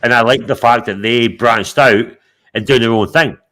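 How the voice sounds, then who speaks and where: A man's voice: mid-range voice, normal speed. A blunt man hosting a casual live stream. He swears constantly and tells stories with a lot of energy, lecturing and teasing the people around him. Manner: blunt, heavy swearing, animated storytelling. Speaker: show host.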